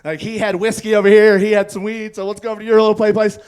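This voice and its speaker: A man's voice: high voice, level tone, quick pace, darkish tone, clear, resonant tone. A man doing stand-up comedy, telling a rambling story on a club stage and laughing at his own lines.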